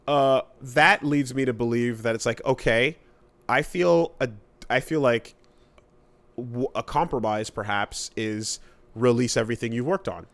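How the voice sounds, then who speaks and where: A man hosting a casual podcast chat, rambling with fillers and swearing, his voice jumping high when exasperated. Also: a little slow, a bit bright. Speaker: podcast host.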